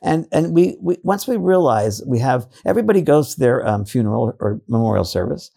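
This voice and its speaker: A man's voice: medium pitch, very animated, brisk, creaky, dark tone. A man who is a psychic medium, talking in a casual interview and telling earnest stories with frequent restarts.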